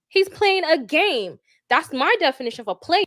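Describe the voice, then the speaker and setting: High-pitched woman on a stream, blunt and firm, super dry close sound. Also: big pitch swings, moderate pace, a bit bright, no echo. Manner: blunt and emphatic, lays down rules. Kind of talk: casual livestream chat.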